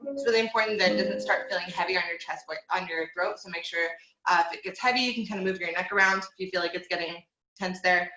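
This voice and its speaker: A woman's voice: lowish voice, quick pace, pushed and bright, echoey room, lo-fi sound, slight background noise. A woman teaching a group voice lesson over a video call, coaching in an easy, encouraging way with plenty of fillers.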